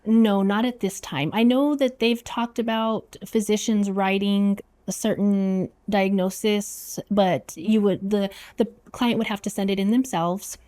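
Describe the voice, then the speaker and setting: A woman speaks as a hypnotherapist in a relaxed interview, talking at length and often affirming with a quick "yes". Her voice sits at an ordinary middle pitch. The recording is dry and close, with no room sound. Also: no room sound. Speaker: clinical hypnotherapist. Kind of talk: casual interview talk.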